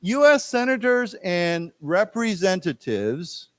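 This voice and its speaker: A man teaching an English class, explaining words patiently and leading the group through slow repetitions. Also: high-pitched, big pitch swings, a bit bright. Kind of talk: classroom lecture. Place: library lecture room.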